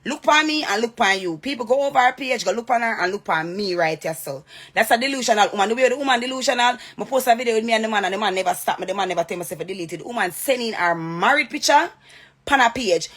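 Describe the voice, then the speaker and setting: A Jamaican woman rants straight to camera in a heated, confrontational way, hammering the same points again and again. Her voice sits a little on the high side. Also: lively intonation, fast, a bit bright. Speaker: social media personality. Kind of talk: direct-to-camera rant.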